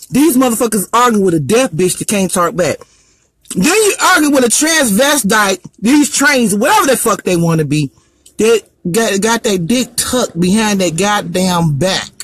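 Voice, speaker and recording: A man with a strikingly high voice, captured dry and close with no room sound. He rants brashly and profanely as a comedian, his lines rising into a sing-song, preaching lilt. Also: a bit bright, slightly rough, no echo. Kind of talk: profane live-stream rant.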